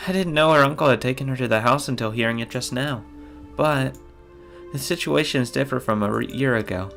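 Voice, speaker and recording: Brief: male reader doing a soft-spoken, kind teen girl from a visual novel, high and pleading, with a gravelly edge. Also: brisk, soft background music. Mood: earnest. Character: sweet gentle teenage girl, kind but worried.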